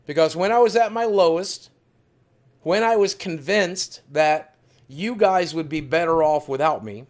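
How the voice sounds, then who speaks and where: A man's voice: a little high, a little slow. A man hosting a livestream from his studio, talking in an earnest, heartfelt, confessional way with emphatic repetition. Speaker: livestream host.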